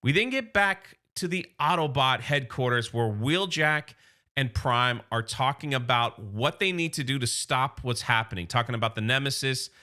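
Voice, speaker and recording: A man's voice: medium pitch, expressive, moderate pace, pushed and bright. A man recapping a comic book in a casual, enthusiastic way, paraphrasing loosely with lots of "like".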